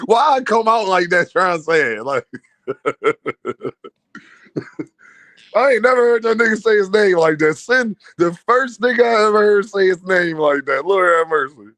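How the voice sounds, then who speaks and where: Brief: high-pitched male streamer, dry close mic, mocking and laughing a lot, slangy chat with viewers. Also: animated, a little slow, long pauses, fairly bright tone, dry recording. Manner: laughs a lot, mocking, repeats a running catchphrase; talks to live chat, slangy. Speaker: boxing commentary streamer. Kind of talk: casual live-stream commentary.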